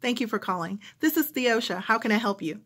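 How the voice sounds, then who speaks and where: A high, sunny customer service voice, polite and smiling through every word of a General American phone greeting. A woman puts it on in a vlog. The pitch sits well above her usual talk and stays upbeat. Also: lively intonation, a little fast, a bit bright. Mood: chipper, polite. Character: cheerful young woman call center rep.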